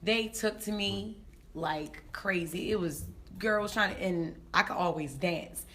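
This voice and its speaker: A woman, speaking at an ordinary middle pitch. She tells her stories with lively energy and laughs often, slipping into voices for the people she quotes. There is a faint noise in the background. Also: unhurried. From Baltimore, Maryland, USA. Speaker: comedian guest. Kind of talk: casual interview storytelling.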